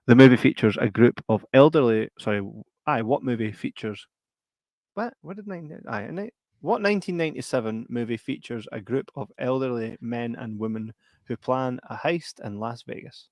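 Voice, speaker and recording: A man's voice: mid-range voice, a little mellow, dry recording. A man, co-hosting a podcast in sweary, jokey casual chat. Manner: sweary, banterous, quick storytelling. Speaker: podcast co-host.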